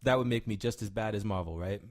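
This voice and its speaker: A man's voice: on the low side, fast talker, slight background noise. A man co-hosting a casual podcast, talking animatedly and swearing, with lots of "right?" tag questions. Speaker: podcast co-host. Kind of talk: casual chat.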